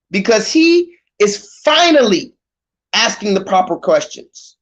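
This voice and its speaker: A man hosting a livestream, talking loudly and animatedly in a casual rant, often restarting his sentences. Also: sits high, slow pace. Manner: loud, animated, talks over himself with restarts. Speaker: livestream host. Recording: slightly dull lo-fi stream audio.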